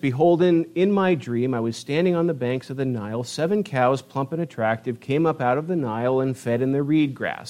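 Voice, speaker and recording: A middle-aged man preaching a sermon, lively and emphatic, reading scripture and pressing home his points. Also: a little high. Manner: animated preaching, rising to emphatic peaks. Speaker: pastor.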